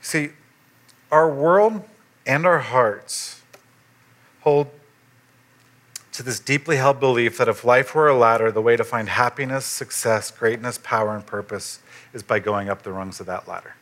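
A man, a pastor, preaching a sermon in a conversational way and rising in pitch when he stresses a point. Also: unhurried, pauses often. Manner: conversational preaching, animated rises for emphasis.

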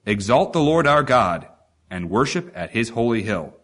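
A man's voice: mid-range voice, very animated, normal speed, fairly bright tone. A man preaching a sermon, reading scripture and asking the congregation rhetorical questions with strong emphasis.

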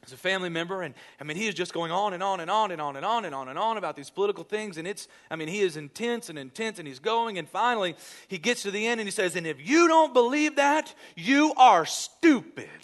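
Male pastor, sermon delivery, storytelling, voice sits a little high, hushes for prayer. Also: fast talker. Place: church.

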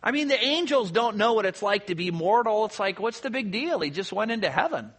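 Guy pastor giving a sermon, kinda high voice, asks the room stuff then answers it. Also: sing-song, a little fast, fairly bright tone, breathy edge. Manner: conversational preaching with rhetorical questions.

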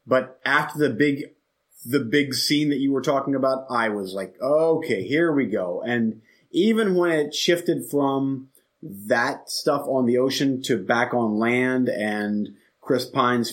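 A man in a casual film chat, relaxed and agreeable, sharing enthusiastic reactions at mid pitch. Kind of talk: casual movie review chat.

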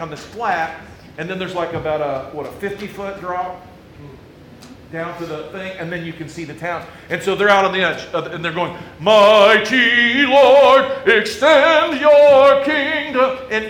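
A man who is a pastor telling a story in a lively, humorous way and acting out his own quotes. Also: high voice, a little hiss or hum. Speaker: Presbyterian pastor. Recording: echoey room with faint ambience.

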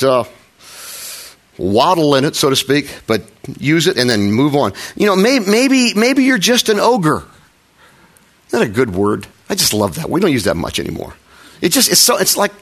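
A man's voice: a little high, a bit bright. A middle-aged man preaching a sermon as a pastor, talking in a conversational, self-deprecating way with frequent restarts and little acted quotes.

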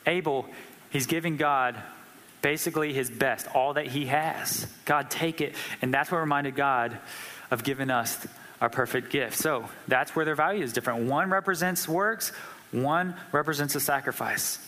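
A man's voice: mid-range voice, moderate pace, bright, forceful tone. A male preacher giving a conversational sermon in a church hall, often asking the congregation questions. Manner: conversational, asks the audience questions. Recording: long hall reverb.

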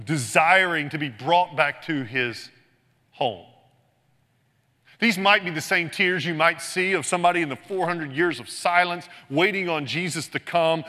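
A man preaching a sermon, earnest and dramatic, with rhetorical questions and pauses. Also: on the high side, pushed and bright, long reverb tail.

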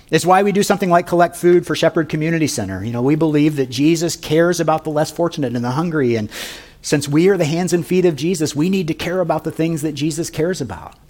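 A male pastor preaching a sermon in a conversational, storytelling way, leaning into key words with rising emphasis. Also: a little high.

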